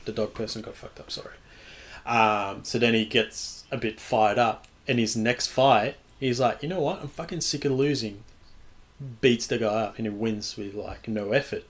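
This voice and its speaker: A man's voice: fairly low pitch, fairly even intonation, moderate pace. A young man hosting a podcast, chatting casually, rambling loosely and swearing freely. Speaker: podcast host. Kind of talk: casual chat.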